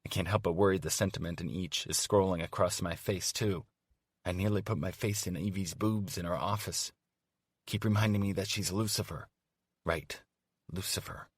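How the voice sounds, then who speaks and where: A man's voice: sits low, steady tone, a little fast, breathy edge, dry recording, clean studio sound. A man narrating a first-person romance audiobook in a wry, conversational storytelling manner. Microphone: studio microphone.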